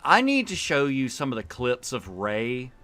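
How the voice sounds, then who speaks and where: A man's voice: medium pitch, unhurried, a bit bright, soft background music. A man streaming a video game and chatting casually, rambling with fillers and laughs. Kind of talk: casual chat while playing.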